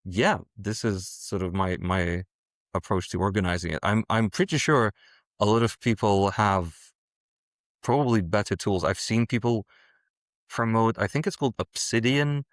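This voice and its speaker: Soft-spoken man with a dry sound. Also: on the low side, normal speed, no room sound. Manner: hesitant, many fillers and restarts. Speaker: guest, game designer and world builder. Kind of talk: casual interview conversation.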